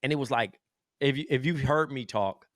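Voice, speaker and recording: A man's voice: mid-range voice, normal speed, no room sound, studio quality. A man with a strong Californian accent, co-hosting a podcast and telling a casual story full of slang and profanity. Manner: expressive, profane, laid-back slang. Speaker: podcast co-host.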